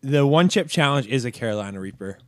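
A young man hosting a casual chat, blunt and swearing, his sentences trailing off quietly. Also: medium pitch, lively intonation, fast talker, dry recording.

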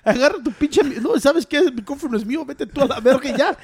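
Fast, high-voiced guy. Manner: profane, mixes English and Spanish, animated storyteller. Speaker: podcast co-host. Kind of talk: casual chat.

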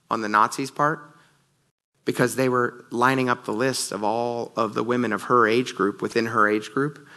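Pastor guy giving a sunday sermon, bright clear voice, earnest storyteller, keeps saying you guys. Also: medium pitch.

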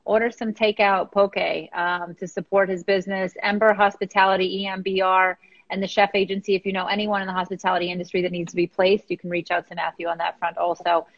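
A woman hosting an interview, enthusiastic and quick with praise. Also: mid-range voice, little pitch movement, dull audio. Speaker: interview host. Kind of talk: upbeat interview.

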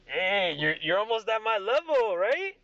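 A game master voices a boisterous drunk tavern patron who shouts his boasts, pitched high and bouncing all over. The sound is a little dull and lo-fi. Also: very animated, measured pace, dry recording, exaggerated voice. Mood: rowdy. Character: loud drunk rowdy male tavern patron.

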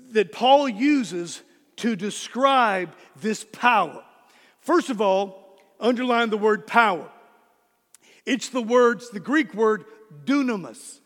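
A man preaches with a strikingly high voice, taking his words slowly and with weight. He hammers home key words by repeating them. His voice rings out with a long reverb, as in a large church hall. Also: fairly bright tone. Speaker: pastor. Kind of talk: sermon.

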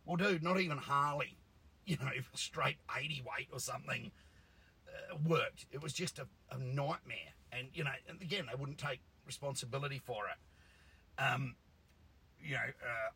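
Aussie guy ranting about engine builders, super raspy and bright-edged, swears a lot. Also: medium pitch, moderate pace, poor audio. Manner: blunt, sweary and animated. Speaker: engine tuner. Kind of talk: casual ranting monologue.

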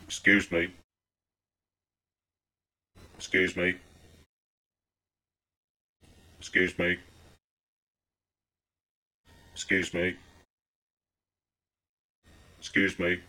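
A man putting on a driver's low, timid mumble. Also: monotone, takes it slowly, pauses often, pushed and bright, heavily acted. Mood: mumbling. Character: hapless male driver mumbling too quietly, short-tempered.

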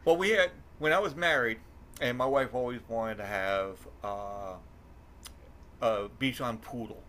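A middle-aged man hosting a podcast, telling an animated story in casual chat, swearing and acting out quotes in a raised voice. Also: medium pitch, measured pace. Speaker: podcast host.

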